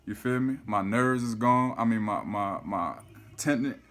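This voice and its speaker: Animated man telling a story. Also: fairly low pitch, a little slow. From South Florida. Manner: animated, swears often, keeps saying "you feel me". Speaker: vlogger. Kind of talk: casual storytelling to camera.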